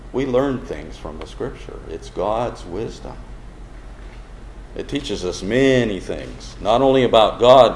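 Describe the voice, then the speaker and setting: A pastor with a fairly low-pitched voice and a darkish tone preaches a sermon in a roomy hall with faint background noise. Speaking slowly and deliberately, he unpacks a Bible verse word by word and asks the congregation questions as he goes.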